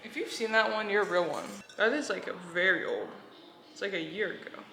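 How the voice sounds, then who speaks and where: Her medium-pitched voice is brisk, pushed, and bright. She's a vlogger cooking at home and chatting casually with viewers in a self-deprecating way, while dishes clatter in the echoey kitchen.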